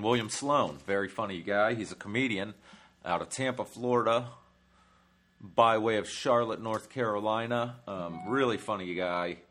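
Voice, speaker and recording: A man's voice: lowish voice, a bit bright. A man hosting a comedy travel podcast, rambling through a profane monologue with lots of ums and uhs. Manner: rambling, profane, many fillers.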